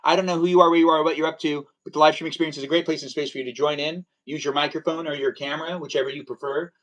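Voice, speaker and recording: A man's voice: on the high side, steady tone, racing, a bit bright. A man hosting a casual live stream, chatty and welcoming, rambling a little as he talks with guests. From Armenian heritage.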